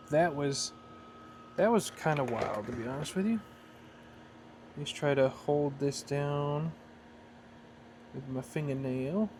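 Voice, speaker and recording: A man's voice: fairly high pitch, takes it slowly, long pauses, background noise. A man talking casually while he builds and solders at his workbench, thinking aloud and correcting himself as he goes. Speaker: hobbyist building a flight-sim throttle. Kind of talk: casual workshop tutorial.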